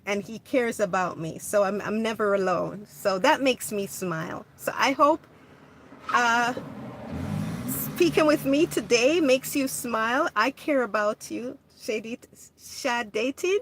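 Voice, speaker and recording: Casting: woman, livestream host, gentle and slow-paced, slightly high voice, faint noise behind. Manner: gentle, warm-hearted, hesitant with restarts. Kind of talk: casual livestream chat reading comments.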